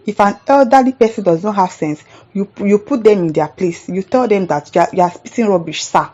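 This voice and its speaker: Indignant Nigerian woman ranting, mellow voice. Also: medium pitch, brisk, lo-fi sound. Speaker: commentary show host. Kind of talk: reading out and reacting to viewer comments.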